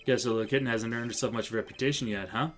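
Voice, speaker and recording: A man voicing a suave, cocky male defense attorney mentor in a slow, low, smooth drawl while playing a game. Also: steady tone, faint music behind, natural voice. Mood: teasing. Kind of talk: let's play voice acting.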